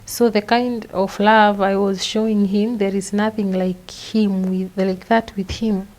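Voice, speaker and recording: Kenyan woman, halting testimony. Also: mid-range voice, level tone, a little mellow, low-quality recording. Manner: halting, repeats words and restarts, tells events step by step. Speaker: interview guest. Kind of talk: personal testimony.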